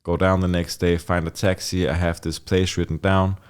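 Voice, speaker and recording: A young man with a very low, deep voice. He tells his story in a loose, animated way, with lots of "like", casual swearing and laughter. The sound is clean studio podcast audio on a close mic. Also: moderate pace, smooth. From Denmark. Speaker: podcast guest.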